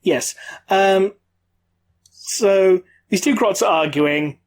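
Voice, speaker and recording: A man with a notably high voice, co-hosting a podcast in easygoing chat. He explains lore patiently and knowledgeably. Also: drawn-out words. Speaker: podcast co-host. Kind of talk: casual chat.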